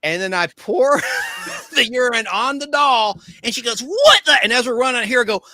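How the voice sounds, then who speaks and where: A man in his forties, a podcast host, telling movie memories in casual chat, animated and acting out the people in his stories. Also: moderate pace, dry recording, shouting. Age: 40s. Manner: animated storyteller, acts out quotes in squeaky voices.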